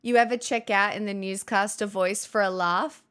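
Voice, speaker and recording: A woman's voice: mid-range voice, steady tone, normal speed, a bit bright, clear, resonant tone. A young woman live streamer chatting casually and rambling at her desk, self-mocking and swearing freely into a good studio mic.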